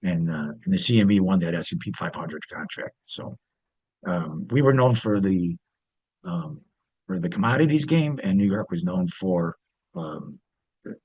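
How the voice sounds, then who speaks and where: A man's voice: low-pitched, animated, moderate pace, a little mellow, husky, no room sound. A man, an interview guest, telling stories casually, rambling with many fillers and restarts. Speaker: interview guest, former pit trader. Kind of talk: casual storytelling.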